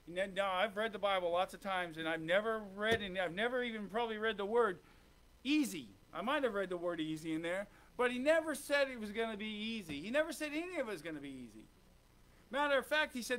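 A pastor with a high, fairly quick, slightly bright voice and lively intonation preaches fervently to his congregation in a church sanctuary. He questions his listeners and waits for their answers.

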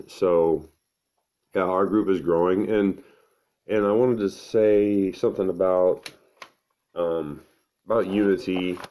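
A middle-aged man, talking to camera at home in an unhurried, earnest, thinking-aloud way. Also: low-pitched, mellow. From American Midwest. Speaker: vlogger. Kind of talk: casual to-camera monologue.

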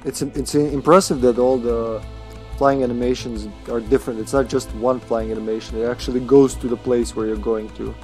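A man's voice: mid-range voice, steady tone, normal speed, darkish tone, soft background music. A man streaming a game, chatting casually, swearing freely and yelping when his character is hit. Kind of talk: casual gameplay commentary.

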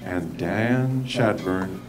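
A man's voice: low voice, drawn-out words, a crowd in the background. A man presenting awards live on stage, effusive and exclamatory, gasping and sighing between lines. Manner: effusive and exclamatory, with gasps and sighs. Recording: noisy live theater recording.

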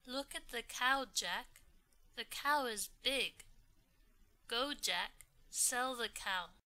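A woman's voice: on the high side, extremely slow, bright, forceful tone, heavily acted. A woman voicing a stern, hungry mother who scolds firmly in a read-aloud storybook. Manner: scolding, firm.

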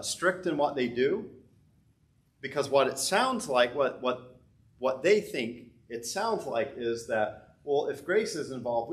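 A pastor talking through a sermon casually. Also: male voice, medium pitch. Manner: conversational, thinking aloud with frequent restarts.

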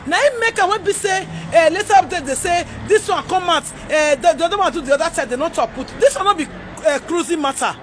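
High-voiced Nigerian woman ranting outdoors. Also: animated, quick pace, a faint crowd, a little hiss or hum. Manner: agitated, pleading, repetitive. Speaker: vlogger. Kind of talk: heated rant vlog.

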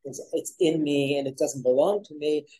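Male co-host, mellow husky tone, earnest and reflective in spiritual talk. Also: fairly high pitch, normal speed, low-quality recording. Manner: reflective and earnest, gives aphorisms. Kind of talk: spiritual conversation.

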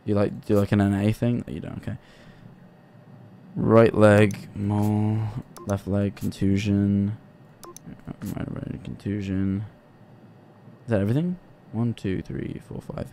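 A man's voice: on the low side, level tone, unhurried, pauses often, mellow, slight background noise. Jumpy, swearing young male streamer. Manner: jumpy, nervous, swears often, talks to himself. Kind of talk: live gameplay commentary.

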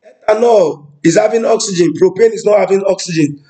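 Male tutor, high-pitched, steady explainer working through answers with rhetorical questions. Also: fairly quick, rough recording. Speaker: chemistry tutor. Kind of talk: exam-prep lesson walkthrough.

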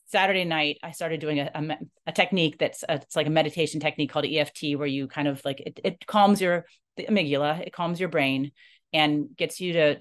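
A woman with a slightly low voice speaks in an emotional personal monologue. Her delivery is earnest and halting, full of restarts, and it swings up and down in pitch as she talks things through. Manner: animated, rising and falling in pitch. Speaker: nonprofit leader sharing a personal story.

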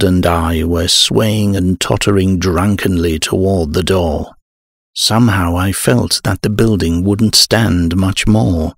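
Deep, slow male horror-audiobook narrator, husky and gravelly. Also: no room sound, clean studio sound. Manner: measured, dramatic first-person telling.

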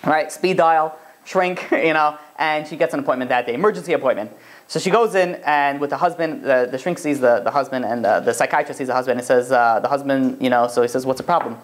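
A man's voice: medium pitch, a little fast. A man teaching a class as a rabbi, in a casual, conversational way full of fillers, often checking whether his students follow.

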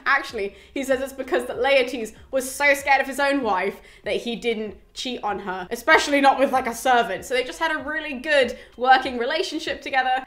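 A woman's voice: a little high, fairly bright tone. A young woman hosting a video, retelling a classic epic in a chatty, irreverent way, with casual swearing and plenty of slang. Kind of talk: casual slangy book recap.

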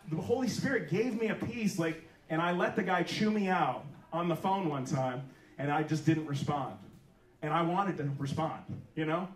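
A man's voice: sits high, a bit bright. A man preaching a sermon with call-and-response, checking in with the congregation and asking for amens. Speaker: pastor. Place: church sanctuary. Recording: roomy church room, mic at a distance.

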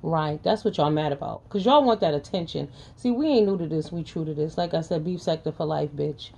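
A woman's voice: low-pitched, brisk, vocal fry, dark tone, breathy edge. A woman hosting her own channel, scolding her viewers in a profane, confrontational commentary rant and repeating lines for emphasis. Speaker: channel host. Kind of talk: ranting commentary vlog.

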